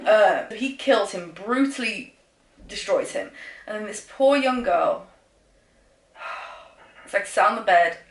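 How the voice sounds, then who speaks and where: Woman vlogger, sarcastic and exasperated, mid pitch, roomy home recording. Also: animated, takes it slowly, long pauses. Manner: sarcastic, exasperated, nervous laughter. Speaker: book reviewer. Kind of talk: casual book reaction vlog. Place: room at home. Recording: roomy echo.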